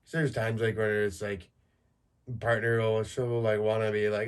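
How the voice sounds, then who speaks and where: A man's voice: lowish voice, little pitch movement, moderate pace, smooth. A man in his thirties hosting a solo podcast, talking in a crude, rambling, joking way full of fillers. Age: 30s. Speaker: podcast host. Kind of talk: solo casual monologue.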